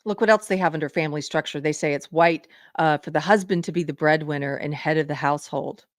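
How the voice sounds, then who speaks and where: A woman's voice: sits low, fast talker, no room sound, clean studio sound. A woman hosting a live political commentary show, indignantly reading items off a list. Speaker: livestream show host.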